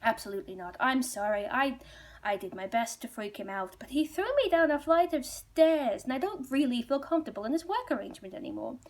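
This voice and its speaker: A woman's voice: on the high side, animated, quick pace, lightly acted. A woman storyteller voicing an elderly priest who complains in a flustered, apologetic way. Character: elderly priest, huffy and put-upon.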